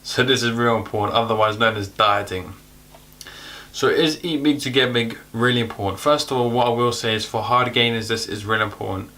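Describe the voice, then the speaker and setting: Breathless, bright-voiced young fitness guy. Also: mid-range voice, a little fast. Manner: energetic, chatty, slangy. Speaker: fitness youtuber. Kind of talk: casual fitness advice to camera.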